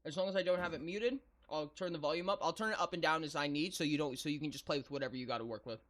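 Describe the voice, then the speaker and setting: A man's voice: fairly high pitch, rapid-fire, a bit bright. A man streaming live, chatting casually with his guests and chat, rambling with fillers and laughing often. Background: faint music.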